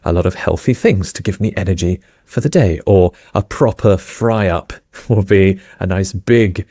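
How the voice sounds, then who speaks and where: A British man co-hosting a relaxed English lesson, his voice sitting fairly low. He unpacks phrases patiently with examples, and the sound is dry with no room echo. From England. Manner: explains phrases slowly with examples. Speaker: English teacher co-host. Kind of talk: casual teaching chat.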